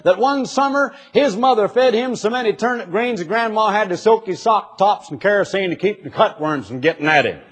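A man's voice: high voice, expressive, brisk, hardly any pauses, husky, pitched above the performer's own voice. A man voicing an indignant, poor rural churchgoer who talks in folksy country grammar.

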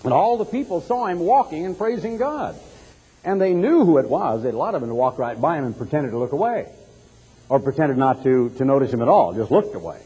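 A man's voice: a little high, very animated, brisk, mellow, breathy edge. A man preaching a sermon, retelling a scripture story dramatically and acting out the quoted voices. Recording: long hall reverb.

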